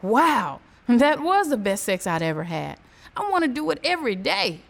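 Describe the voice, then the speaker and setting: A woman voicing an eager young male navy recruit in a joke, sounding excited. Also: on the high side, moderate pace, vocal fry.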